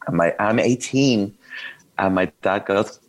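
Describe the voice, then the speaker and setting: A man's voice: lowish voice, unhurried. A man telling candid, self-mocking stories in a casual chat, with plenty of ums and asides. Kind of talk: casual anecdotal storytelling.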